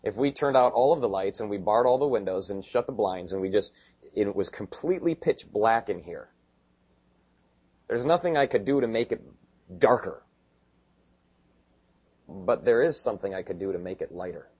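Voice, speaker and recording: A male pastor preaching a sermon in a conversational way, dropping quiet and then rising to emphatic bursts. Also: fairly low pitch, lively intonation, normal speed, pauses often, slightly rough.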